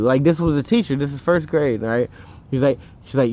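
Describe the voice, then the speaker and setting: A man's voice: medium pitch, brisk, darkish tone. Rambling man telling a casual story. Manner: rambling and digressive, with frequent asides; offhand, with occasional swearing.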